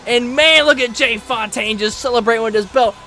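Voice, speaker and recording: A man calling a wrestling match play-by-play, energetic and often shouting. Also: very high voice, a little fast, over loud music. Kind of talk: excited play-by-play commentary.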